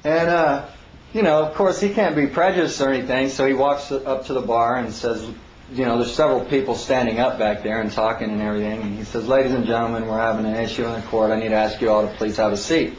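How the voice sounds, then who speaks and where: A man casually recounting his own court hearing, acting out the others with sudden raised, high voices. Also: fairly even intonation, fast talker. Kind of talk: casual spoken anecdote. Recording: roomy dull lo-fi recording with faint hiss.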